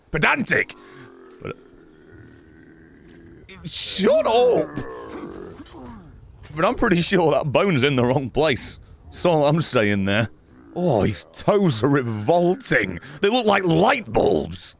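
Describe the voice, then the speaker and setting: Man, lively streamer, sarcastic, swears, faint noise behind. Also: mid-range voice. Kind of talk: live gameplay commentary.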